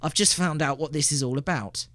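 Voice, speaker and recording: A man's voice: on the high side, fairly quick, dry recording, lightly acted. A man voicing an uneasy, talkative male computer engineer, speaking urgently in a storybook reading. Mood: worried. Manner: urgent, animated delivery.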